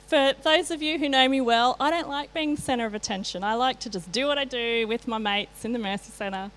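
A woman's voice: high voice, lively intonation, moderate pace, fairly bright tone. A middle-aged woman giving a sermon, telling candid personal stories with self-mocking asides. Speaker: church speaker.

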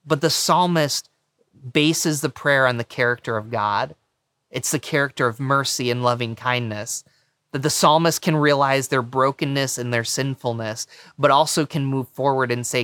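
A man preaching a sermon as pastor, first reading scripture slowly, then explaining it in an earnest, conversational way. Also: medium pitch, a bit bright, dry recording, studio quality. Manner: earnest, conversational preaching with frequent "you know".

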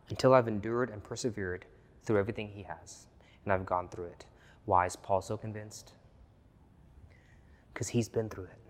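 A man preaching a sermon as pastor, earnest and repetitive, dropping to a hush and then rising loud again. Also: lowish voice. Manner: earnest, repeats key phrases, swings from hushed to loud. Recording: long reverb of a large hall.

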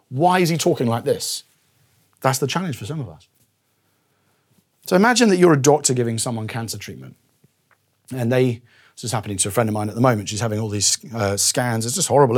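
Man, preacher, sermon, husky, fairly high voice, earnest. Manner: earnest, drops to a hushed voice for acted quotes.

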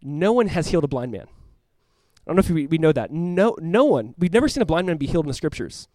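Fast-talking pastor guy preaching, acts out the voices, goes from loud to hushed, dry close mic. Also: fairly high pitch, dry recording. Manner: animated, acts out voices of the crowd and the blind man; swings from loud cries to hushed earnest tones. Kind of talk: sermon.

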